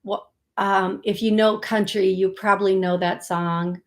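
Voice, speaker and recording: A woman hosting a live psychic reading, speaking in a halting way, repeating words and thinking aloud, soft-spoken and emotional. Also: mid-range voice, steady tone. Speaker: psychic medium host.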